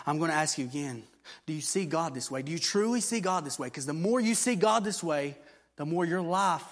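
A man with a high voice preaches a sermon in a church. He swings between loud proclamations of scripture and quiet, mocking asides.

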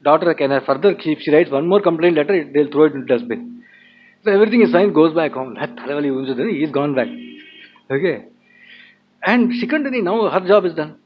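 In this casual storytelling, a man talks fast in a fairly high, animated voice as he retells an old tale with laughter and many asides. The dull lo-fi audio carries faint ambience and a little hiss or hum.

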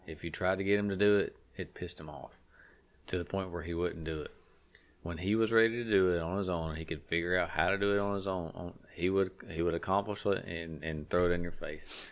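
Brief: low-voiced man, rambling storyteller, blunt and salty, acts out quotes. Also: steady tone, fairly quick. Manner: salty, frank talk. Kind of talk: casual chat.

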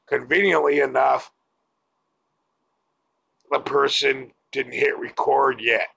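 A man's voice: medium pitch, steady tone, takes it slowly, creaky, sharp tone, husky, dull audio. A man giving a blunt, profane opinion rant to camera as a vlogger.

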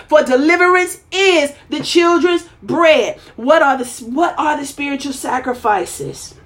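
Fervent high-voiced woman preaching. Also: measured pace, few pauses. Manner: fervent call-and-response preaching, repeating phrases. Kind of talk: sermon broadcast.

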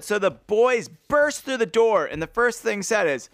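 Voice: medium pitch, big pitch swings, measured pace, no room sound, studio quality. A podcast co-host chatting playfully about a book, reading passages aloud with lots of animation. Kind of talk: casual book-discussion chat.

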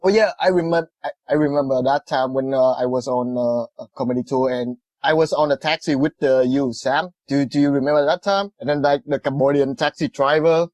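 Comedian from Vietnam, halting, repeats himself, dry close mic. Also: male voice, medium pitch, steady tone, a little mellow, dry recording. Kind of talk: casual anecdote chat.

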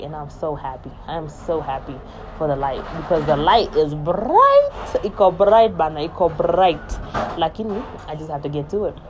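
A woman's voice: low voice, lively intonation, moderate pace, darkish tone, dull audio, a little hiss or hum. A woman in a casual spiritual monologue, rambling and emphatic, often repeating herself.

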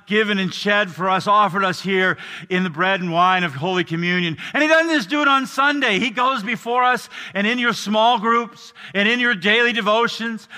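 An older man preaching a sermon as pastor, earnest, dropping soft and low and then rising to emphatic lines. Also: long reverb tail. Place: church.

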